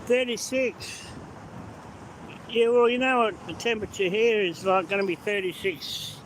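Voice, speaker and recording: A man with a high voice chats slowly from behind the wheel, greeting live viewers by name. Steady road noise hums under his voice inside the car. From Australia. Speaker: live-stream host. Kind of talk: casual live-stream chat while driving. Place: inside a car on city streets.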